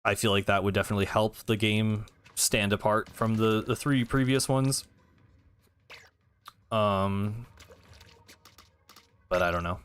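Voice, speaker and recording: A man's voice: on the low side, steady tone, unhurried, long pauses, a bit bright, clear, resonant tone. A young man streaming a game, chatting casually and hesitantly, answering chat between plays.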